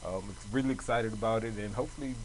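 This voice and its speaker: A man's voice: lowish voice, very fast, a little hiss or hum, low-quality recording. A man with a Southern US accent co-hosting a casual podcast, easygoing, often chiming in with short agreements. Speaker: podcast co-host.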